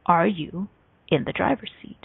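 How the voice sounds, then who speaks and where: A woman with a low, gravelly voice hosts a motivational radio talk, spinning animated stories and acting out the voices of the people in them. She laughs often between her points. The sound is dry and tinny, as if heard over a phone line. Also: moderate pace, no room sound. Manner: animated storytelling, acts out quoted voices. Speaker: radio show host. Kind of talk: motivational talk show monologue.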